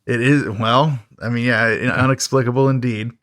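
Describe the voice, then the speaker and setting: A man's voice: mid-range voice, fairly even intonation, normal speed, fairly bright tone, dry recording, studio quality. A man co-hosting a podcast, casually recapping a schlocky horror film with jokes and frequent laughter. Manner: jokey, laughing often. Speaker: podcast co-host. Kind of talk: casual movie recap chat.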